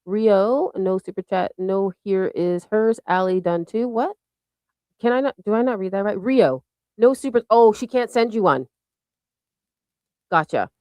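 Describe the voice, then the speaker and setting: A woman's voice: mid-range voice, animated, a little slow, darkish tone, no room sound. A woman hosting a casual livestream chat, bubbly and thanking viewers one by one. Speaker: show host.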